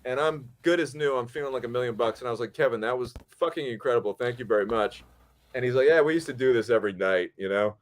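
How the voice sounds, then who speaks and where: A man hosting a podcast, spinning a story in loose, casual talk. He is animated and swears freely, and he acts out each person's lines. His voice sits in a middling pitch. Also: fast. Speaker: podcast host.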